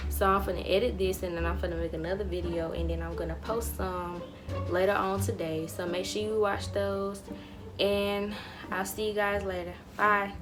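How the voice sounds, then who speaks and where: A woman's voice: medium pitch, moderate pace, music in the background. A young woman tells a storytime to her camera, casual and slangy. She throws herself into acting out the voices of the people in the story. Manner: animated storytelling, slangy, acts out dialogue. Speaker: vlogger.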